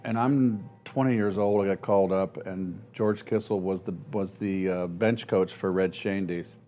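A man in his sixties telling animated anecdotes as an interview guest, acting out quoted voices and laughing often. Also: low-pitched, moderate pace, soft background music. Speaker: guest, former ballplayer. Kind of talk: storytelling interview.

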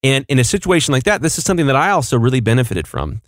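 A man's voice: medium pitch, very animated, racing, no echo, studio quality. A married man hosting a podcast, speaking bluntly and with strong opinions. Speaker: podcast host. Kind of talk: casual podcast chat.

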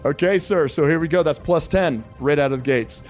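A man's voice: a little high, brisk, faint music behind. A man hosting an interview, politely calling his guest sir and telling a survival scenario step by step. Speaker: podcast host.

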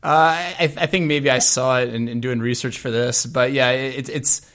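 Gravelly man hosting a casual music podcast. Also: mid-range voice, steady tone, normal speed, fairly bright tone. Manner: long, meandering sentences. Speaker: podcast host.

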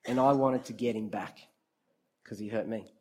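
A preacher leading a youth group gives a lively, interactive sermon, talking straight to the crowd, calling listeners by name, and repeating key phrases for emphasis. His voice is on the low side and husky, at a normal speed.

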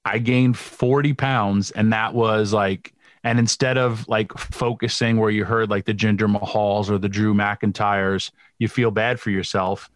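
A man hosting a podcast, relaxed and chatty, full of fillers as he talks about his own wrestling days. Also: on the low side, a little slow, few pauses, no room sound, clean studio sound. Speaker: podcast host, former wrestler. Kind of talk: casual chat.

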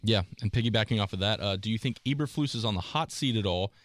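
A man co-hosting a casual sports podcast, reading out listener questions in a steady way. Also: lowish voice, fast, no room sound.

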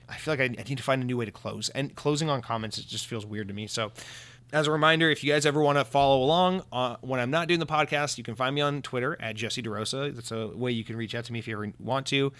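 A man hosting his own podcast works casually through listener comments, rambling, correcting himself along the way, and swearing now and then. He talks fast, with a medium-pitched, slightly bright voice.

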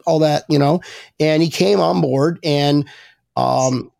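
A man hosting a casual podcast chat, rambling and excitable, with sudden high-pitched outbursts. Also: slow, vocal fry, no echo, studio quality. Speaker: podcast host.

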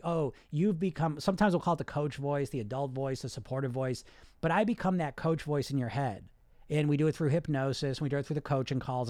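A man's voice: fairly high pitch, dry recording. Blunt, profane man coaching, dry sound. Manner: blunt, profane, animated, acts out inner voices. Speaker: weight loss coach. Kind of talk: live podcast monologue.

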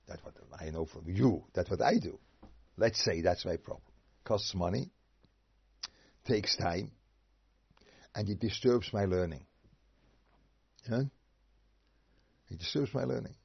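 Man, rabbi's informal Torah talk, low gravelly husky voice, dull lo-fi video call sound. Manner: animated, rhetorical, acts out voices.

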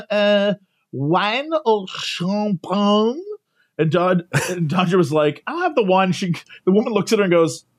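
A podcast co-host spins a travel anecdote in a casual, animated way, breaking into laughter and playing the people in it. His voice sits high and swoops all over. He sounds like he is talking into a poor microphone. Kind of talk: casual chat, storytelling.

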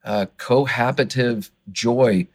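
A male author guesting on a podcast interview gets excited and worked up as he talks, often restarting his sentences. His voice is mid-range and he takes it slowly.

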